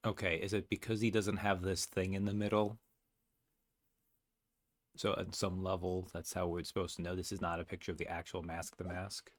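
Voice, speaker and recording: A man's voice: low-pitched, little pitch movement, moderate pace, no room sound, studio quality. A man giving casual, wry commentary while playing through a game. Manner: chatty, wry asides. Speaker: let's-play streamer.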